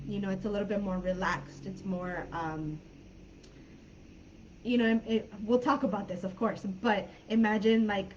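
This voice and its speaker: A woman teaching English in a live online class, friendly and chatty, laughing often and filling pauses while she thinks. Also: medium pitch, fairly even intonation, a little hiss or hum. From California. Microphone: video call. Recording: dull lo-fi video call audio.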